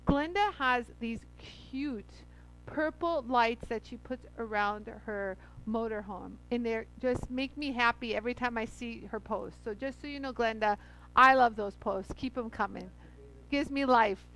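A woman's voice: a little high, unhurried, a bit bright, rough recording. A woman hosting a casual livestream, chatty and effusive, greeting viewers by name as she demos grinding a stone. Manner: laughs often. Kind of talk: casual livestream chat and demo.

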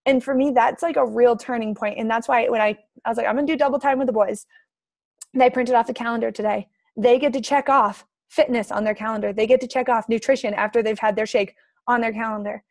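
Brief: thirties woman coach, higher voice, dry close sound, fired-up and emphatic on a video call. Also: fast, dry recording. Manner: energetic, emphatic, rallying. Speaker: team coach leader. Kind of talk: motivational team call.

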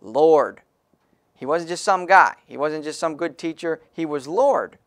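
Fairly high-voiced preaching pastor. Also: male voice, expressive, a little slow, a bit bright. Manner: emphatic preaching, calls on congregants to read verses. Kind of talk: sermon.

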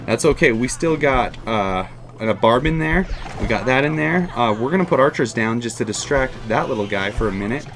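Excitable man commentating his own gameplay. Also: mid-range voice, fairly quick, a little hiss or hum. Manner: excitable, talks to the game, repeats phrases. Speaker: gaming YouTuber.

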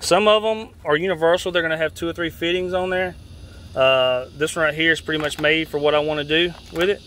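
A Southern-accented fishing guide talks through a repair step by step in a relaxed, homespun manner, often restarting his sentences. His voice sits a little higher than most men's. He is recorded outdoors, with faint background noise around him. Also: brisk. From Georgia, US. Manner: relaxed, folksy, repeats and restarts phrases. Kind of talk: casual how-to demonstration. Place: outdoors beside a boat.

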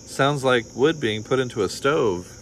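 A man voicing a hot-tempered male talking bone that scolds loudly. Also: medium pitch, animated, measured pace, slight background noise. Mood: hushed. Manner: loud, scolding outbursts.

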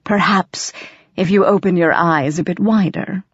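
A woman's voice: lowish voice, a little slow, husky, no echo. A huge gray tomcat drawls in an amused, purring voice, lazy and sly, as a woman puts him on. The recording is dry and a little dull.

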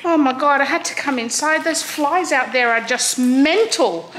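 An Australian woman chats casually for a vlog, laughing as she scolds her horse, first outdoors at home with the animal and then indoors. Her voice sits high and fairly bright at normal speed, and the rough recording carries a little hiss or hum.

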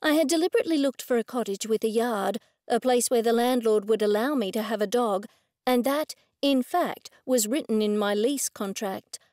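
A woman reading a first-person cozy mystery audiobook in a clear, measured way. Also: on the high side, darkish tone, dry recording, clean studio sound. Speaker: audiobook narrator.

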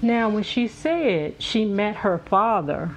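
A woman's voice: mid-range voice, expressive, slow pace. A woman hosting a casual commentary, reading a book aloud and cutting in with blunt, profane remarks to her viewers. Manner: outspoken, profane, talks straight to viewers. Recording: dull lo-fi audio with faint hum.

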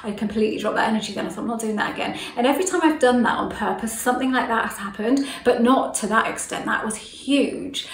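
Fast-chatty woman with a gravelly voice. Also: on the high side, roomy sound, recorded from a distance, poor audio. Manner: chatty, laughs often, animated quoting. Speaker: vlogger. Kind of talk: casual storytelling to camera.

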